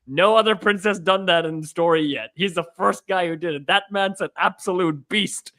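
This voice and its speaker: Rambling, animated male podcast co-host. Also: sits high, normal speed. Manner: animated, rambling, laughs often. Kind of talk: casual chat.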